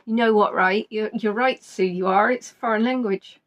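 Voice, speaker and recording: A woman's voice: medium pitch, fairly even intonation, moderate pace, lo-fi sound. A woman hosting a live-stream quiz in a chatty, giggly way, reading out viewers' answers and teasing them. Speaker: quiz host.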